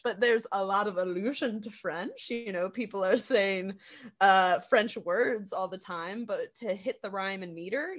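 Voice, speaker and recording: A woman talking casually and animatedly about a stage production, laughing often and restarting her sentences, with lots of fillers. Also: on the low side. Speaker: theater practitioner discussing a production. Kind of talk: casual conversation about a play.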